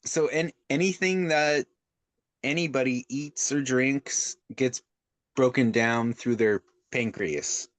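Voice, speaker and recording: A man's voice: medium pitch, slow pace, no echo. A young man chatting casually on a podcast, laid-back and rambling with lots of restarts. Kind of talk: casual chat.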